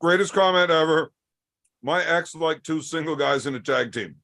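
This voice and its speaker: High-voiced man teasing in banter. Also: moderate pace, gravelly, bright, forceful tone. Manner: teasing, reads out viewer comments. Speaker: podcast co-host reading chat. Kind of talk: casual banter.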